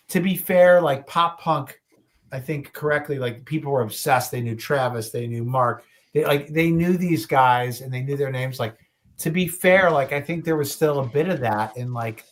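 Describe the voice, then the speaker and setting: A man in his late thirties co-hosting a casual podcast, rambling with lots of swearing and restarts. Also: mid-range voice. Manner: rambling, profane, restarts a lot. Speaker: podcast co-host.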